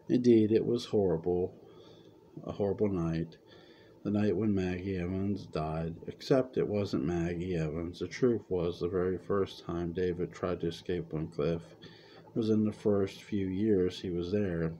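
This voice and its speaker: A man narrates a serialized story in a very deep, mellow voice. He reads slowly and evenly, stumbling over a word now and then. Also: steady tone, a little hiss or hum. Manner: unhurried storytelling with occasional stumbles. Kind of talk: reading fan fiction aloud.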